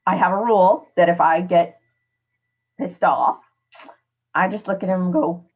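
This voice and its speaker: A woman's voice: on the low side, a little slow, lo-fi sound. A woman hosting a podcast, giving earnest, emphatic advice in a conversational way. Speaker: podcast host. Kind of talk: casual coaching talk.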